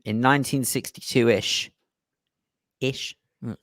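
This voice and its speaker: A man's voice: medium pitch, steady tone, takes it slowly, fairly bright tone, dry recording. Wry radio co-host man. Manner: dry, wry jokes. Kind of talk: casual radio banter. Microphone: studio microphone.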